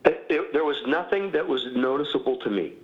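A man's voice: on the high side, a little fast, highs cut off. A man in his sixties, a former pastor, talking candidly and self-mockingly as an interview guest, often laughing. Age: 60s.

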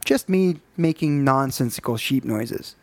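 A man telling a story in casual chat in a matter-of-fact, deadpan way. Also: medium pitch, measured pace, dry recording.

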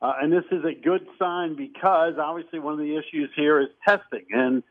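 A man's voice: a little high, brisk. A man calling in to a morning radio show as a sports guest, talking about news. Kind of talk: phoned-in sports chat. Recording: tinny phone line.

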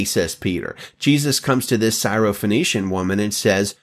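A man's voice: on the low side, animated, moderate pace, few pauses. A man giving a devotional Bible talk as a teacher, emphatic and stretching key words.

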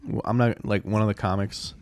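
Low-voiced guy telling stories over laughs. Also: steady tone, fairly quick, dry recording. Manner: rambling storyteller, laughs often, lots of filler "like". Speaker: podcast co-host. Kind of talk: casual chat.

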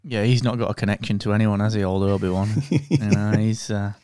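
Enthusiastic male podcast co-host, smooth resonant voice, dry studio sound. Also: on the low side, fairly even intonation, brisk, mellow, dry recording. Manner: enthusiastic, says "mate" and "dude". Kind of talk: casual chat.

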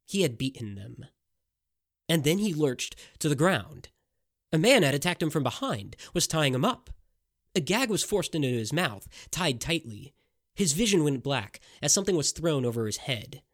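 A man narrating a dramatic historical tale in an expressive storytelling manner. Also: a little high, normal speed.

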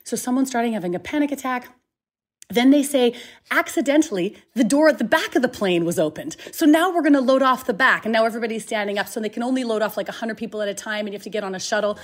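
A woman's voice: a little high, fast. A woman from Canada, a guest on a video call, telling a long travel mishap story with energy and acting out the other people in it. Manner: animated storytelling, acts out other people's lines. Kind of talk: casual chat on a video call.

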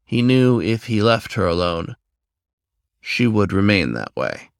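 Storybook narrator, man, low voice, steady reading, dry close recording. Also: measured pace, gravelly, smooth, no echo. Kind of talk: scripted narration.

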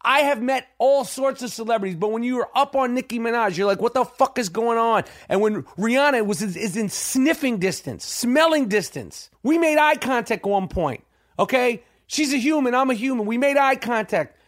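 A man hosting a podcast, telling a profane story in a loud, animated way and acting out other people's lines. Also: moderate pace, no room sound, studio quality. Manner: animated, profane, swings pitch acting out quotes. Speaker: podcast host.

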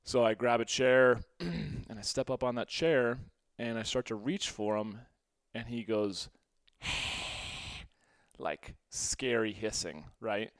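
A man telling a story from his own past in a casual way, quoting himself and laughing often, his voice swinging between hushed and loud. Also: mid-range voice, unhurried, dry recording, clean studio sound. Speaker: podcast host.

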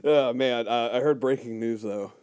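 A man co-hosting a crude, casual podcast chat, cracking jokes with mock-deadpan delivery. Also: mid-range voice, moderate pace, smooth. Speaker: podcast co-host.

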